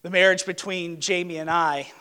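A man's voice: high-pitched, fairly even intonation, moderate pace, sharp tone, clean tone, big-room sound. A man preaching a sermon in a church, earnest and emphatic, repeating his key words. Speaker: pastor. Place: church sanctuary, on a platform.

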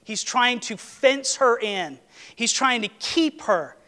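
A male pastor preaching a sermon with passion, swinging between emphatic outbursts and hushed asides. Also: extremely high pitch, expressive, slow.

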